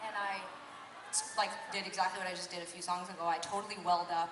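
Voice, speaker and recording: A woman with a lowish voice and little pitch movement speaks quickly from a concert stage between songs, rambling apologetically and putting herself down. Her stage microphone feeds the PA, and the recording, made from the crowd at a distance, has an echoey hall and background noise.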